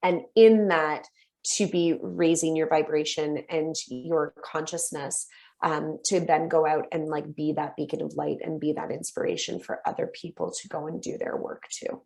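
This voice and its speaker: Earnest, heartfelt woman with a lower voice. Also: steady tone, normal speed, gravelly, a little mellow. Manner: earnest, heartfelt, casually profane. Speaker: podcast guest, coach. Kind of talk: casual interview chat.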